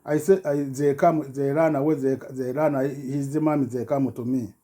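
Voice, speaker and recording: A man giving a rambling personal account in halting broken English, full of restarts and repetitions, his voice jumping up when he gets agitated. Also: mid-range voice, fairly even intonation, mellow. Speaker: self-recorded complainant.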